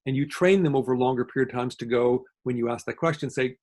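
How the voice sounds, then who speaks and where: Man, guest lecturer, quick delivery, mid-pitched voice, fillers and restarts. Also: a little mellow. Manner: fast-talking; explanatory, with frequent fillers and self-corrections. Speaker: guest lecturer on dementia communication. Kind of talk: online lecture.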